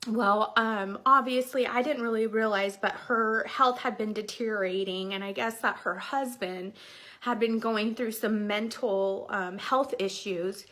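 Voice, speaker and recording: A woman's voice: a little high, fairly even intonation, measured pace, a bit bright. A young adult woman telling her own life story in a casual, rambling way, full of "like" fillers and restarts.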